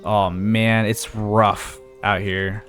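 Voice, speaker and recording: A man's voice: lowish voice, flat delivery, extremely slow, a bit bright, soft background music. A young man giving casual let's-play commentary, thinking aloud and talking himself in and out of ideas as he goes. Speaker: gaming video host.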